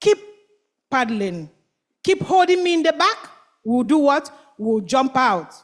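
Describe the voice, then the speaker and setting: A woman's voice: sits high, big pitch swings, slow, exaggerated voice. A woman voicing a hopeful, determined male frog in a children's church story, earnest and pleading. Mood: urging.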